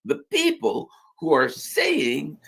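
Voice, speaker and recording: A man's voice: fairly high pitch, huge pitch swings, takes it slowly, gravelly, fairly bright tone, slightly rough. A man hosting a sarcastic political news commentary, mocking and ironic as he talks. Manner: mocking, heavy sarcasm with mock voices.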